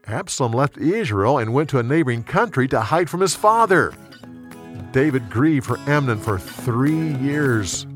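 A man's voice: medium pitch, measured pace, soft background music. A man telling a Bible story dramatically and shifting his voice for each character. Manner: expressive, animated character voices.

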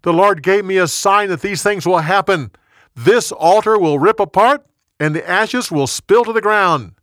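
A man playing a loud young prophet. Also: on the high side, a little fast, dry recording, studio quality, voice pushed up, natural voice. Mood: proclaiming. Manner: loud proclaiming. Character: young male prophet, bold and urgent.

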